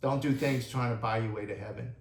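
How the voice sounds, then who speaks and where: A man's voice: mid-range voice, fairly even intonation, brisk. A man in a casual sit-down chat who draws out the story with supportive questions and remarks. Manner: supportive, short agreeing replies. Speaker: interviewer. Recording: echoey room.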